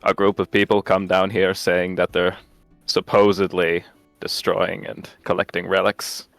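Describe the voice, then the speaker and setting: A man voicing a small, distrustful male crossbowman in a tabletop role-play, speaking low and guarded. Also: little pitch movement, a little slow, gravelly, a bit bright, dry recording, soft background music, heavily acted.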